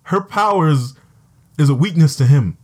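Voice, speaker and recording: A man's voice: on the high side, lively intonation, unhurried, darkish tone, slightly rough. A man hosting a casual podcast, recapping a TV episode in a laid-back, profanity-filled storytelling way.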